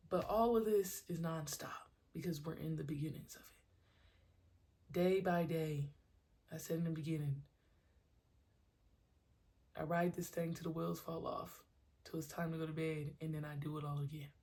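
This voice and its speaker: A woman podcast host and youth sports trainer, talking casually and animatedly, often acting out her own shouted coaching lines in a slangy, conversational way. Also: low voice, fairly even intonation, normal speed, long pauses. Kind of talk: casual monologue.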